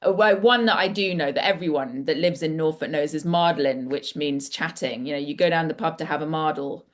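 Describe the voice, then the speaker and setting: A woman's voice: low voice, fairly quick. A middle-aged woman author talking casually and enthusiastically at an online book launch, rambling with frequent restarts over a video call.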